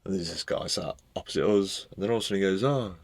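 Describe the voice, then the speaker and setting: Low-voiced man rambling casually. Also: rapid-fire, creaky, background noise. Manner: relaxed rambling anecdotes with slang. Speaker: podcast co-host. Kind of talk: casual chat.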